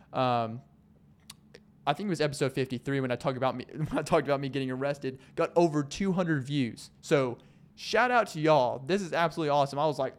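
A young man hosting his own podcast, chatting casually in a rambling, jokey way and laughing often. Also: a little high. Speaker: podcast host. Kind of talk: casual solo podcast chat.

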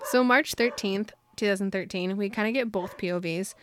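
A woman's voice: medium pitch, normal speed, slight background noise. Chatty woman retelling a story. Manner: animated storytelling, acting out characters' lines. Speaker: book podcast co-host. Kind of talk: casual chat.

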